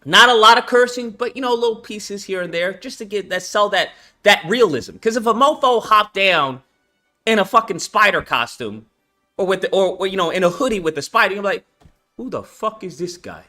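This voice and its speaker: Animated, slangy young man. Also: high voice, fairly quick, faint music behind. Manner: animated, slangy, frequent swearing and fillers. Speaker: game developer and channel host. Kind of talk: casual livestream chat.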